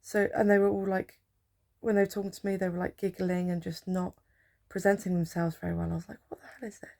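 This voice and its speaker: A woman's voice: fairly low pitch, flat delivery, a little fast, gravelly, warm tone. A young woman, a healthcare support worker, telling a rambling, chatty story while drowsy from painkillers. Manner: chatty, rambling, with filler words. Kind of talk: casual storytelling vlog.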